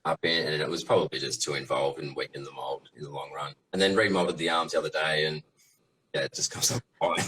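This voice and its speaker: A man with an extremely low, rumbling voice talks through his process as a guest on a live Q&A. He rambles loosely and hesitantly, piling up fillers as he goes. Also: steady tone, fairly quick, pushed and bright, a little hiss or hum, poor audio. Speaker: guest resin toy maker. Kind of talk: casual live Q&A chat.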